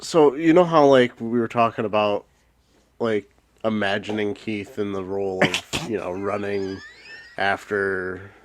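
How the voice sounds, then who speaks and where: Teasing low-voiced man hosting a podcast. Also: fairly even intonation, a little slow. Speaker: podcast host and editor. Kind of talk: casual chat.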